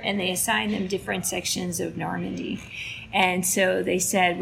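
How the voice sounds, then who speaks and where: A woman's voice: mid-range voice, little pitch movement, measured pace, creaky, a bit bright, a little hiss or hum. A woman, a photographer guest on a podcast, telling a story in a casual way and acting out both sides of a conversation.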